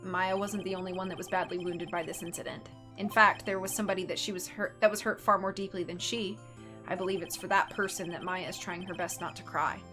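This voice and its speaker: Woman doing a calm, formal male prosecutor. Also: on the low side, soft background music, pitched below the performer's own voice. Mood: thoughtful. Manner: measured, formal and soft. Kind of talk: dramatic game reading.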